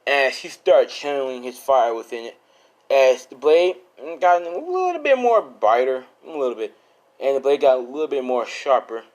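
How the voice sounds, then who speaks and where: A man's voice: mid-range voice, poor audio. Young guy making up a fan story on the fly, rambly, loose, swears a lot. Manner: rambling, loose and casual with lots of fillers and swearing. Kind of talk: improvised fan-fiction storytelling.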